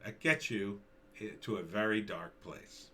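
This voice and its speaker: A man's voice: on the low side, a little slow, sharp tone, a little hiss or hum. A middle-aged man giving opinionated, casual commentary, rambling and sarcastic, with lots of fillers and restarts. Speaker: commentary vlogger.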